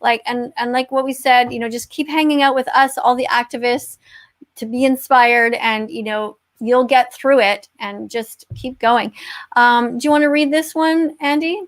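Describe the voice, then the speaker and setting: A woman hosts a livestream chat in a high voice. She talks emphatically and moralizes, often repeating her words. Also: fairly even intonation, normal speed. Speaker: host.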